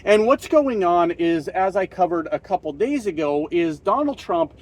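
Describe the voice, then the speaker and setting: A man's voice: high-pitched, expressive, moderate pace, a little mellow. A man delivering an angry, profane political rant, so worked up he runs short of breath and coughs between his fillers. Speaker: political commentary vlogger.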